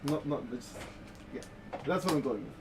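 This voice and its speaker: Animated man running a tabletop game. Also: mid-range voice, moderate pace, vocal fry, background noise. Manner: animated, laughs easily. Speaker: game master. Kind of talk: narrating a tabletop game, casual chat.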